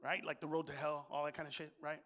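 A middle-aged male comedian works a live stage set, his voice sitting high for a man. He rants in a profane rhythm and jumps into loud shouted bursts, addressing the crowd directly. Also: little pitch movement, quick pace. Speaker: stand-up comedian. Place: stage before a live audience.

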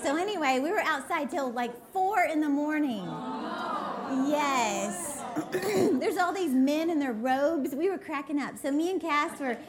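A woman's voice: sits high, unhurried, a crowd in the background. A middle-aged woman, telling a chatty, giggly story as a guest speaker to a live church audience. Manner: bubbly, giggly, animated. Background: audience laughter.

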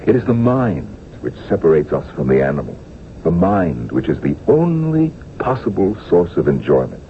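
A deep-voiced, weary doctor. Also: male voice, big pitch swings, moderate pace, heavily acted. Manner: soft-spoken, apologetic, melancholy. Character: weary, timid, gentle male town doctor. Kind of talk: 1970s radio drama acting. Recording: tinny old radio broadcast, faint hiss.

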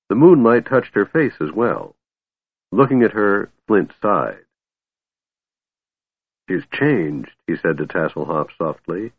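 A man narrating a fantasy audiobook in a measured, expressive way. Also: low-pitched, no room sound. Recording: dry, phone-like narrow band.

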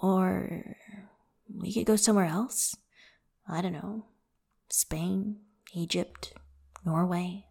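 A woman voicing a playful, tender young man who speaks in soft, half-whispered tones. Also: on the low side, slow, vocal fry, pauses often, slightly rough, full character voice. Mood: soft teasing.

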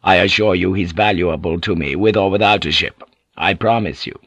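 A shrewd, weary old warlord, played by a male narrator, speaks in a low, measured voice. He weighs every word and commands quietly, recorded dry and close. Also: dry recording. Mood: calculating, intimate.

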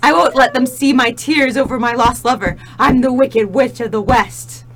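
A woman's voice: on the high side, normal speed, a bit bright, faint music behind. A woman voicing a lovesick, melodramatic green witch in an overwrought comic reading of fan fiction. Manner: overwrought mock-dramatic reading.

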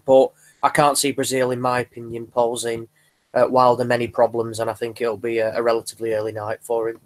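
A man in casual podcast chat about boxing, speaking in a measured way with frequent restarts. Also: medium pitch, monotone. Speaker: podcast co-host.

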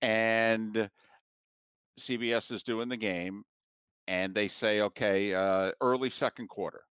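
A man's voice: lowish voice, fairly even intonation, takes it slowly, fairly bright tone, clean tone, no room sound, clean studio sound. A man chatting casually, giving brief, agreeable replies. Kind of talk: casual chat.

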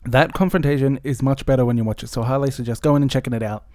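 A man's voice: mid-range voice, racing, dry recording, studio quality. A man hosting a podcast, chatting casually about a favourite TV scene. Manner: relaxed, chatty, some swearing. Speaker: podcast host.

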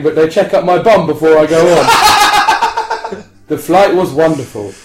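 A man's voice: on the high side, darkish tone. A man co-hosting a podcast, reading a comic mock autobiography in a dry, matter-of-fact way. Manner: dry, matter-of-fact delivery of absurd lines. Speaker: podcast co-host. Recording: roomy echoey studio.

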